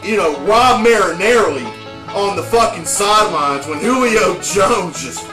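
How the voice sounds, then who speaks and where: A man's voice: high-pitched, animated, a little slow. A man, a vlogger delivering a profane, taunting trash-talk rant as a football fan. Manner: taunting, crude, heated. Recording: roomy echo with faint music.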